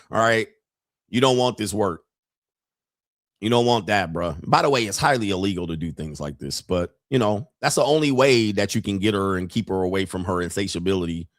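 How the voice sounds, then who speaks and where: A man's voice: medium pitch, fairly bright tone, no echo, studio quality. A man hosting a casual commentary show, reacting to clips in a profane, mocking way and laughing often. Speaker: host.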